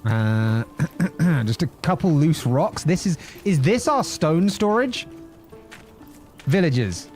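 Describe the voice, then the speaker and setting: A young man streaming gameplay, chatty and joking, his voice fairly high and swinging up and down animatedly. Faint game music plays underneath. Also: big pitch swings, takes it slowly, darkish tone. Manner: playful, chatty, jokes and laughs often. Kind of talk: live-streamed gameplay commentary.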